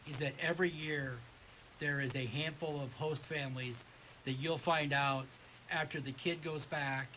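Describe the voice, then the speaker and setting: Male radio guest, fairly high bright voice, eager storyteller. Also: a little hiss or hum, rough recording. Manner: enthusiastic storyteller. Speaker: baseball association volunteer guest. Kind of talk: casual radio chat.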